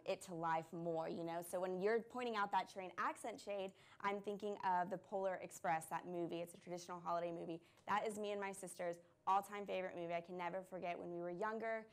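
A woman's voice: on the low side, fairly even intonation, fairly quick. A woman hosting a live product stream, chatting casually and gushing over the items with plenty of "um" and "like.".

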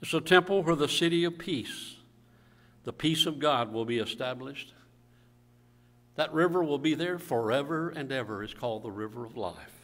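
A man's voice: mid-range voice, animated, normal speed, fairly bright tone. A man pastor preaching a sermon, firing rhetorical questions at the congregation and calling for amens, with a cough now and then. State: coughing at times. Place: church sanctuary. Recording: church hall reverb.

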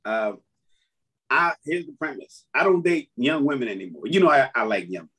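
A man's voice: mid-range voice, expressive, normal speed, a bit bright, husky. A man who is a comedian, talking casually and animatedly as a podcast guest, breaking down how his jokes work and laughing through his stories. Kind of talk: casual chat explaining jokes.

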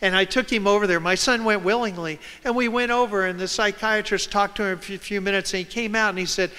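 A man speaks to a hall audience in a high, bright, smooth voice. He tells a personal story and acts out the voices of the people in it. The sound carries the long reverb of a large room. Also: fairly even intonation, fast talker, few pauses. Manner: storytelling, acting out quoted voices. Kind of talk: public talk.

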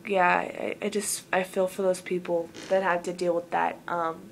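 A woman's voice: fairly low pitch, little pitch movement, normal speed, creaky, a little hiss or hum. Earnest rambling woman from Southern Oregon. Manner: earnest, rambling, many filler words. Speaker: vlogger. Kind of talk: casual talk to camera.

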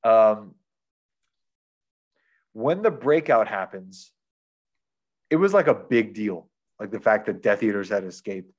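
A man's voice: on the low side, takes it slowly, pauses often, highs cut off. A man retelling a book plot in casual chat as a podcast reviewer, rambling with lots of fillers.

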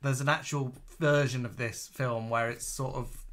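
A man's voice: mid-range voice, fairly even intonation, moderate pace, a bit bright. A man co-hosting a casual live-stream chat, chatty and enthusiastic, reading out viewer comments. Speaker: co-host.

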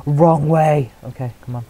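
A young man chatting casually while streaming a game, mocking his own play, reacting out loud and laughing often. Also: a little high, steady tone, takes it slowly, rough recording. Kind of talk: casual live gameplay commentary.

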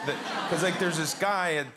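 A man's voice: sits high, moderate pace, noisy background. A man guesting on a chat show, telling a family anecdote and laughing often. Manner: animated storyteller, laughing often. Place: TV studio with audience.

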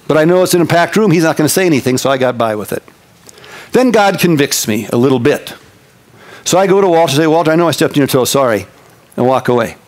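Animated pastor preaching. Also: male voice, a little high. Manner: animated, folksy, shifts between loud bursts and slow quiet emphasis. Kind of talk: sermon.

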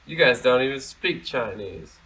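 Bright-voiced sarcastic man ranting. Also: mid-range voice, lively intonation, normal speed, poor audio. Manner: blunt, sarcastic and profane, with frequent restarts. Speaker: commentary vlog host. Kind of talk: casual commentary reading news articles.

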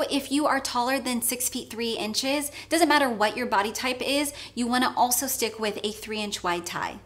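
A woman's voice: a little high, fairly bright tone. A woman hosting a menswear advice video, giving emphatic, opinionated instructions. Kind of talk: instructional fashion vlog.

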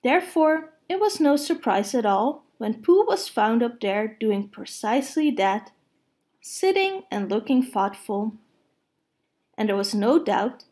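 A woman reading a children's picture book aloud, gentle and expressive. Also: a little high. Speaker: storyteller.

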